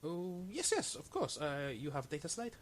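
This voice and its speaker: A man voicing a fawning, haggling alien trader who speaks in halting, broken English. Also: a little high, sing-song. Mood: eager salesman.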